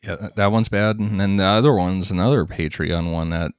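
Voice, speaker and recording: A man co-hosting a podcast in casual chat, laid-back and unhurried, agreeing often with quiet yeahs. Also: sits low, smooth, no room sound, clean studio sound. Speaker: podcast co-host.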